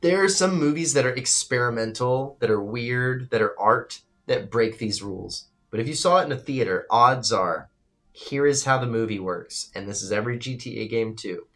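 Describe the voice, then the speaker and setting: A man hosting a live stream, talking casually and with emphasis, at times swinging loud and high, and reading out chat messages. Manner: reads and answers chat. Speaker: livestream host. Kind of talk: casual livestream commentary.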